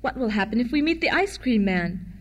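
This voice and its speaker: A woman's voice: fairly high pitch, lively intonation, brisk, highs cut off. A woman doing a cheeky little boy. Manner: cheeky, complaining.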